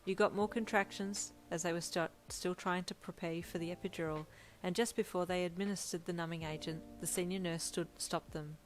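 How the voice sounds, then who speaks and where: Woman narrator, lower voice, gentle story reading. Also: steady tone, brisk, hardly any pauses, a little hiss or hum, low-quality recording. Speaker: fanfiction reader. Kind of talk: second-person story narration.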